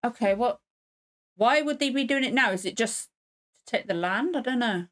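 A woman's voice: on the high side, expressive, moderate pace, a bit bright, faint music behind. Chatty woman reacting to a comedy. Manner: chatty, exclaiming. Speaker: reaction video host. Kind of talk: casual reaction commentary.

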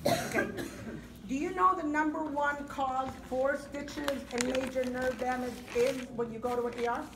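A woman chef giving a product demonstration, telling stories to a live audience in an animated way, laughing through her lines and often checking in with "okay?". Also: high voice, normal speed. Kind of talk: lively storytelling to a live audience. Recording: echoey room, distant mic, loud crowd and noise.

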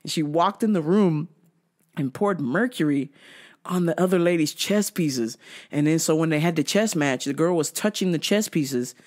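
A man's voice: on the high side, moderate pace, darkish tone. A man hosting a casual comedy podcast, telling news stories with profanity and frequent laughter. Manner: profane, laughing often, storytelling. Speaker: podcast host.

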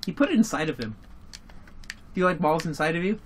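A young adult with a bright, forceful voice trades crude jokes and bursts of laughter while playing a game with friends. The speech is loose and rambling, full of swearing and sudden excited outbursts. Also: mid-range voice, fast talker, slight background noise. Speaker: let's-play commentator. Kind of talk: casual gaming chat and storytelling.

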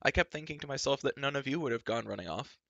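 Man voicing an excitable young prince, gushing, higher and brighter than the narration. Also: fast talker, vocal fry, dry recording, highs cut off. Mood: eager. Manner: breathless, gushing.

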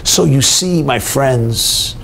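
Animated male rabbi telling stories. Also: slow pace, gravelly, a little hiss or hum. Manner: animated storyteller, swings pitch for emphasis. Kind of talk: inspirational talk with jokes and stories. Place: hotel event hall.

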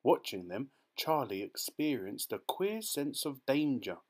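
A man narrating a children's storybook in a lively, expressive manner. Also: mid-range voice, measured pace. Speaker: audiobook narrator.

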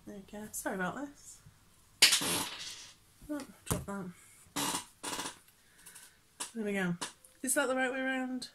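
A woman's voice: fairly high pitch, unhurried, pauses often, fairly bright tone, slight background noise. A woman chatting casually in a cross-stitch vlog, rambling with many fillers and frequent laughs. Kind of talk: casual chat showing stitching projects.

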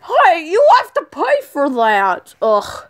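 A woman voicing a bored male phone store clerk with flat, drawn-out sales talk. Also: fairly high pitch.

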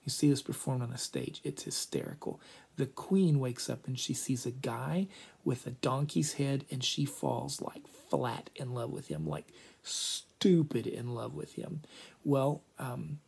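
A man retelling a play for a class in an animated, chatty way, full of asides. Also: medium pitch, a little slow, creaky, breathy edge. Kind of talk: lively story retelling.

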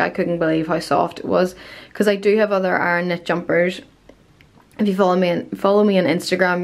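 Chatty Northern Irish woman with gravelly voice. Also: lowish voice. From Northern Ireland. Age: 20s. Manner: rambling, chatty, lots of fillers. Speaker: vlogger. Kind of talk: casual chat.

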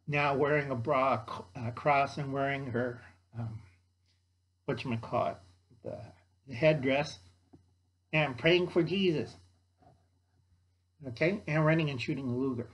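An older man with a slightly high voice rambles through a movie plot he wrote down, stumbling over his notes. His delivery is loose and chatty, full of asides and restarts. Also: husky, poor audio. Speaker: YouTube host.

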